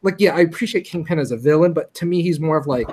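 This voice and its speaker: Higher-voiced man giving his opinions. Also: quick pace, darkish tone. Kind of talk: casual movie discussion.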